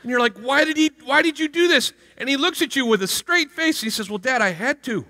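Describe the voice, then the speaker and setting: A middle-aged man preaching a sermon with lively, comic acted-out stories, jumping into playful character voices. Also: extremely high pitch, fast. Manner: animated, jumps into playful character voices and exclamations. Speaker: pastor. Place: large church hall. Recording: live sermon with long hall reverb.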